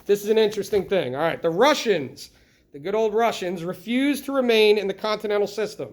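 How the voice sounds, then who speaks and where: A middle-aged man teaching a history lesson in a classroom, lively and constantly checking in with the students by asking questions. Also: high voice, brisk. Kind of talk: classroom lecture.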